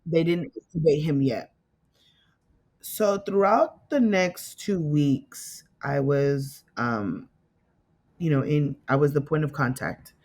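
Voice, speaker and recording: A woman's voice: sits low, slow pace. Woman telling a personal story. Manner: animated retelling that acts out quoted dialogue. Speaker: podcast guest. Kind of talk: personal storytelling in a podcast interview.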